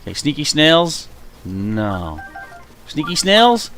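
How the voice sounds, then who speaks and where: Animated, chatty male game streamer. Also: fairly high pitch, slow, faint music behind. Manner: chatty, talks to himself and chat while playing. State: hiccuping. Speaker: live streamer. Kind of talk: gameplay live stream commentary.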